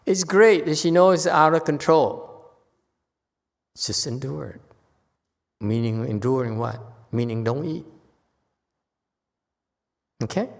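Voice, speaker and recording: Male Buddhist teacher, slow deliberate dharma talk, mid-pitched voice, long reverb from a temple hall. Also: vocal fry. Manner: unhurried, keeps checking in with listeners. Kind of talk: dharma lecture.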